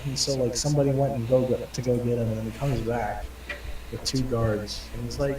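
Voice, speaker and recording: A man's voice: medium pitch, steady tone, fairly quick, mellow. A man playing a tabletop game, telling a crude rambling story full of profanity and acting out the other characters. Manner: profane, rambling, acts out quoted voices. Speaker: player. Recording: roomy and distant with clear background noise.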